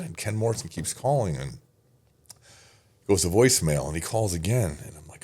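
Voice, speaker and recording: A man's voice: sits low, animated, fairly quick, darkish tone, husky. A middle-aged man, a podcast guest, telling an emotional personal story in earnest, sometimes swearing and dropping almost to a whisper. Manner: emotional, earnest, swearing at times, drops to near-whisper in sad moments.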